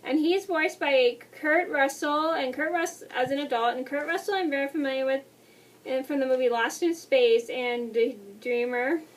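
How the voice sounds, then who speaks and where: Young woman in her twenties, high voice, quick rambling vlog talk, heard a bit off the mic. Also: distant mic. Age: 20s. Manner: fast, rambling, apologetic. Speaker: vlogger. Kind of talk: casual movie review.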